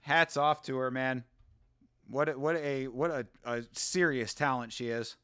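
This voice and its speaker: A man chatting casually as he reacts live to a grappling event, excitable and laughing often as he talks to his viewers. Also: mid-range voice, a little slow, clear, resonant tone, no echo, studio quality.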